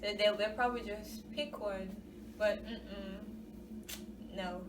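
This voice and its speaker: A woman's voice: mid-range voice, steady tone. A woman, co-hosting a casual chat in a playful, laughing way. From Jamaica. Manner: laughing, playful, drawn-out phrasing. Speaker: co-host. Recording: echoey room from a distance, background hiss.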